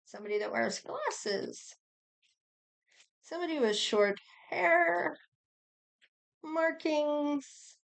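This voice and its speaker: A woman's voice: sits high, slow, gravelly, pauses often. A middle-aged woman giving a casual tarot reading, chatty and rambling, with sighs and small laughs. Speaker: tarot reader.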